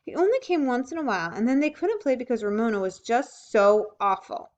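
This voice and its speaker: A woman reading a children's book aloud, with expressive, lively storytelling. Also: a little high, fairly quick. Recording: dull lo-fi recording.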